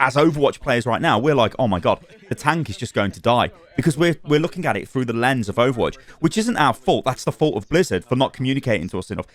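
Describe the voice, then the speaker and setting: A man hosting a casual gaming news channel, chatty and animated, laughing at his own asides. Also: mid-range voice.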